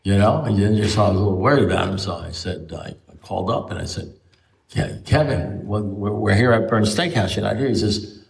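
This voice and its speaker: A man's voice: fairly low pitch, a little fast, creaky, far from the mic. A man telling rambling stories with lots of restarts to a recovery group, recorded at a meeting. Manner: rambling anecdotal storytelling with frequent restarts. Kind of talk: storytelling talk to a recovery group. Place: meeting room.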